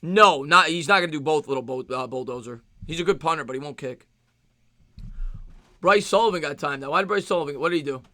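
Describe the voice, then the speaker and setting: A sports stream host with a New York accent runs a casual live Q&A, answering viewer questions as they arrive. His bright, forceful voice sits a little higher than most men's, and he talks quickly and loosely with plenty of fillers and repeated phrases. The sound is dry and close, with no room sound.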